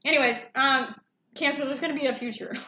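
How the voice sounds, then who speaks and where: A woman gives a tarot reading in a loose, chatty way, swearing freely. Her voice is high, fast, bright and forceful, and the recording has an echoey room with faint background noise.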